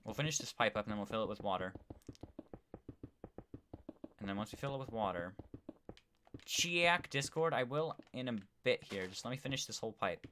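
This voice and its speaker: A man's voice: fairly low pitch, lively intonation, normal speed, pauses often, bright, forceful tone, a little hiss or hum. A man live-streaming a game in a casual, rambling way, reading viewer chat aloud as he plays. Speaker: gaming streamer.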